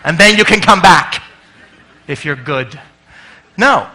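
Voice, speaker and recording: Animated, bright-voiced male conference speaker. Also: fairly high pitch, slow. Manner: animated, swears freely, acts out voices. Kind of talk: comic conference talk.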